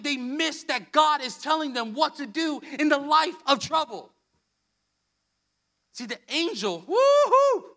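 High bright-voiced man preaching. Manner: emphatic, repeats key phrases, swings between soft and loud. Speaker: pastor. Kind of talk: sermon.

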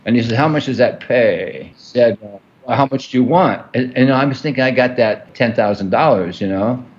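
A man's voice: medium pitch, fairly quick, muffled recording. A man being interviewed, telling a long story in a rambling way with many fillers and restarts. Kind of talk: storytelling in a conversation.

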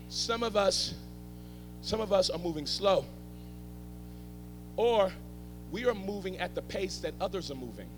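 A male pastor preaching a sermon, fervent, swinging from hushed talk to shouting crescendos, with playful asides to the congregation. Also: high voice, lively intonation, unhurried, pauses often, over music. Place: church service.

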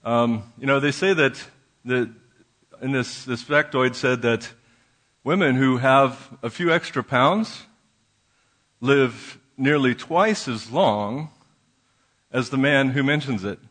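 A man who is a minister, preaching a conversational sermon in a church, often restarting his sentences and dropping to a soft voice in prayer. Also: medium pitch, takes it slowly, pauses often. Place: church sanctuary.

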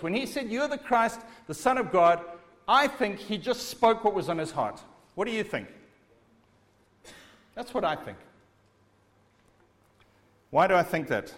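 A man's voice: sits high, fairly bright tone. A man preaching a sermon, speaking with emphasis and asking his listeners rhetorical questions. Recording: long hall reverb.

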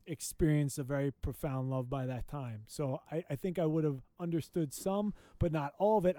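A fairly high-voiced man chatting casually about a book on a podcast he co-hosts. He talks animatedly and keeps restarting his sentences. His voice is close and dry, with no room sound. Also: warm tone, no echo. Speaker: podcast co-host. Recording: dry close mic, remote call.

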